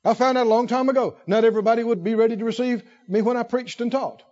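A man preaching a sermon with animated, rhythmic repetition and emphatic phrasing. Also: very high voice, quick pace, lo-fi sound.

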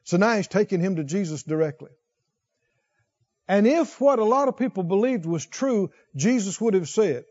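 A man's voice: expressive, warm tone, highs cut off. A man preaching a sermon, reading scripture and questioning his congregation as he goes. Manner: slow, questions the congregation, rises in pitch when stressing points.

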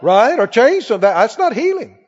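A man pastor preaching a sermon emphatically, rising to shouts and dropping to quick asides. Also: very high voice, sing-song, breathy edge. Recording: dull sound with long church reverb.

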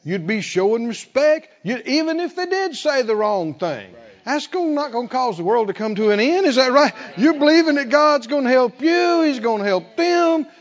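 Animated high-voiced male preacher. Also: normal speed, hardly any pauses. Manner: animated, acts out quoted dialogue with humor. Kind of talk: sermon. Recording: dull lo-fi sound with long hall reverb.

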